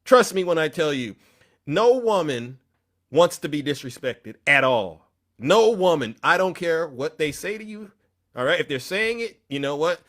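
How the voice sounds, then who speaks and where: A young man hosting a livestream, talking in a boastful, animated way and sometimes shouting. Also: a little high, measured pace. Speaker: livestream host. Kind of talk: livestream talk.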